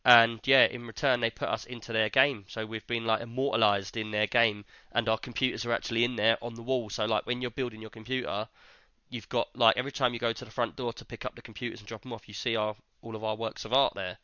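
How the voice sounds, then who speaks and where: A man hosting a laid-back podcast, talking in a chatty, rambling way full of fillers. His voice is bright and crisp, recorded dry, close to the mic, with a slightly dull, lo-fi edge. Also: mid-range voice, steady tone, fast talker, no room sound. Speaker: podcast host. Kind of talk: casual podcast chat.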